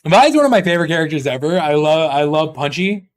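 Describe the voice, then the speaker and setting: A man's voice: a little high, big pitch swings, quick pace. A man chatting casually on a live stream, rambling and joking with his chat, swearing often.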